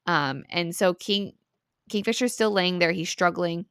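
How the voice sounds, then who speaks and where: Female podcast co-host, casual animated recapper, gravelly voice, dry close mic. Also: on the low side, measured pace, no room sound. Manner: animated retelling, lots of "like" and "right?". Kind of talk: casual book-review chat.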